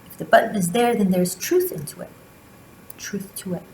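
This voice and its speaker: A woman tarot reader giving a spiritual monthly reading, speaking slowly and deliberately with long pauses. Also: medium pitch, big pitch swings, gravelly, a little mellow, reverberant, slight background noise, low-quality recording. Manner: slow, deliberate delivery with drawn-out pauses.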